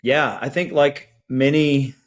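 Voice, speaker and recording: A man's voice: medium pitch, slow pace. A man in his forties from Georgia, guest on a podcast, telling stories and acting out what others said. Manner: lively anecdotes with acted quotes. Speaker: podcast guest, band educator. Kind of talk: storytelling interview chat.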